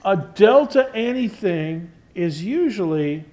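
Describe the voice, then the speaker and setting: A man's voice: sits high, slow pace, a little mellow. A man giving a university physics lecture in a conversational classroom style, often checking in with the class and stressing key terms. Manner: stresses key words while explaining.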